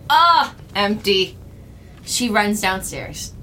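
A woman narrating her character's actions as a player in a tabletop game, giggly and animated. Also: on the high side, a little slow, a little hiss or hum.

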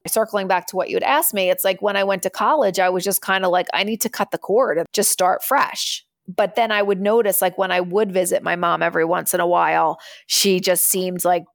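A woman's voice: fairly low pitch, steady tone, brisk, gravelly, hardly any pauses, no room sound. Woman, thirties, interview guest, earnest and conversational, dry close sound. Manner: earnest, conversational, acts out quoted voices. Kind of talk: candid personal interview.

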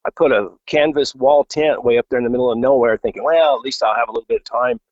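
A man talking as a podcast guest in a casual, halting way, often repeating words as he starts. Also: mid-range voice, darkish tone, no echo, muffled recording. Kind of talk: casual chat.

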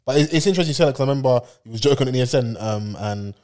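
A man with a lisp co-hosting a casual podcast chat, asking quick rambling questions. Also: medium pitch, expressive, a little mellow. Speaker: podcast co-host.

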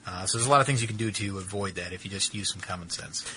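A man co-hosting a podcast, chatting quickly in a bright, slightly low voice. He rambles and halts, leaning on fillers as he talks. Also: slight background noise, low-quality recording. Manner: rambling, halting, with many fillers. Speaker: podcast co-host, auto editor. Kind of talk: casual chat.

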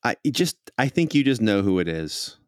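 A man with a low voice runs a tabletop game, ruling and describing the action in a casual, halting way. He often stops and restarts his sentences mid-thought. The sound is close and dry. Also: big pitch swings, clean tone, no room sound. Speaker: game master.

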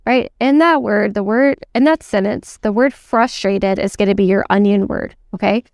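A woman's voice: mid-range voice, moderate pace, darkish tone, no room sound, studio quality. A woman sales coach teaching emphatically in a chatty way, checking in often with her listeners. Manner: emphatic, chatty, lots of "like" and "okay?". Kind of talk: teaching lesson.

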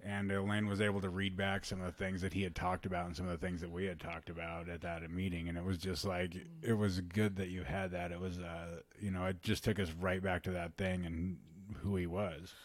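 Deep voiced guy hosting, talks fast but halting, lots of uh's, dry close sound. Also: flat delivery, no echo. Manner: halting, reflective, many fillers and restarts. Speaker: podcast host. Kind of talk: conversational chat.

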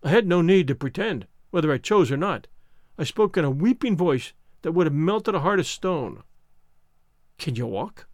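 A man narrating a classic novel in first person with expressive, storytelling delivery. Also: fairly high pitch, normal speed, dry recording, studio quality. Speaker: audiobook narrator.

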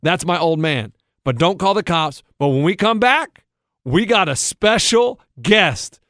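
A male podcast host chats casually and laughs easily. His voice sits a little higher than most men's. The recording is dry and close. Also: lively intonation, a bit bright, dry recording. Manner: chatty, quick to laugh. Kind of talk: casual chat.

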